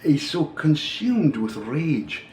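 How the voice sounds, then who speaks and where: A man's voice: fairly high pitch, big pitch swings, takes it slowly, darkish tone, a little hiss or hum. A man, delivering an angry, heated monologue to camera, sarcastic and swearing freely. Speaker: video blogger.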